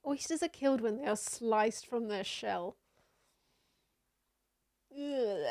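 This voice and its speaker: A young woman streaming, chatting casually while reacting to videos, laughing often and letting out loud disgusted exclamations. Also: on the high side, slow pace, pauses often.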